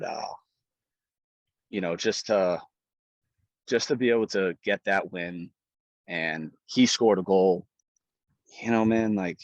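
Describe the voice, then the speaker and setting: A man's voice: sits low, no echo, muffled recording. A young man in his twenties, a pro hockey goaltender, recounting a game in casual, emotional storytelling, swearing and repeating phrases as he gets caught up.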